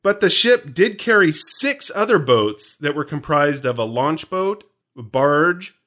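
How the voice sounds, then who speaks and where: Bright-voiced male co-host, playful movie-trivia banter. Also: on the high side, measured pace. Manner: joking, animated, teasing. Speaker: podcast co-host. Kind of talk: casual movie commentary chat.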